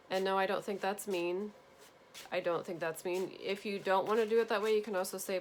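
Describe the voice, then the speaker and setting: A woman giving a gentle, earnest spiritual tarot reading to her viewers, repeating reassuring phrases. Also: on the low side, a little hiss or hum. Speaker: tarot reader.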